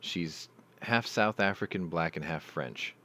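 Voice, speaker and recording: Middle-aged male chat host with a very low voice and a rambling, profane storytelling style. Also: measured pace, fairly bright tone, a little hiss or hum. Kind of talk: casual live chat.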